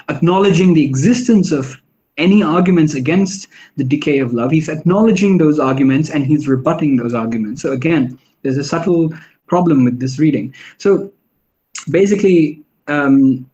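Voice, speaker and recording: A man giving an academic lecture on poetry in a thoughtful, halting way, with many fillers and restarts, slowing down to stress words. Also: on the high side, warm tone, dull audio. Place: online workshop session.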